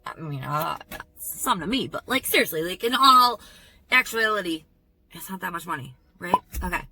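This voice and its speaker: A woman telling a personal story in a vlog, in an animated, emphatic storytelling manner. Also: lowish voice, moderate pace, faint music behind, low-quality recording. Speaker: vlogger.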